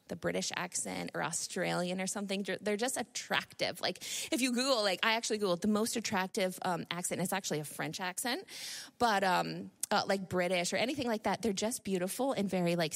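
Her mid-range voice has a creaky quality. Speaking at a church gathering, the Northern New York woman in her thirties gives a loose, chatty sermon built on personal anecdotes, often laughing and restarting what she's saying.

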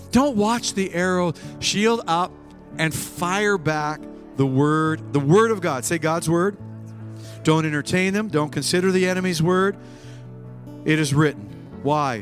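A man preaching a sermon to a church congregation, animated and acting out scenes with sudden shouts. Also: a little high, slow pace, long pauses, soft background music. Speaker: pastor. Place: church with live and online congregation.

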